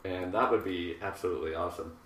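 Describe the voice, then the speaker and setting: Jokey bright-voiced man, roomy distant sound. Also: low-pitched, steady tone, fast talker, a little hiss or hum. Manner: rambling and jokey, with many fillers and asides. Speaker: hairdresser hosting a live haircutting show. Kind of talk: casual live-stream chat while demonstrating a haircut. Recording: roomy, distant live-stream audio.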